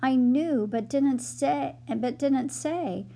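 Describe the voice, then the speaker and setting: A woman's voice: high-pitched, slow, creaky, dark tone, voice pushed up, full character voice. A woman doing a remorseful young squirrel maid. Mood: earnest. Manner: earnest, confessing.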